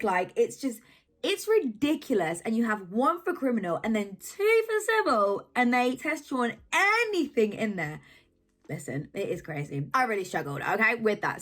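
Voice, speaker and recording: A young woman from England sharing a personal faith testimony in an emphatic, animated storytelling way. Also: mid-range voice. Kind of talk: casual testimony vlog.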